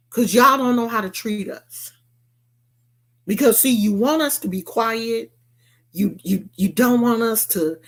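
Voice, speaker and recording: A woman vlogger delivering a blunt, repetitive rant to her viewers. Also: fairly high pitch. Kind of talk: emphatic rant to camera.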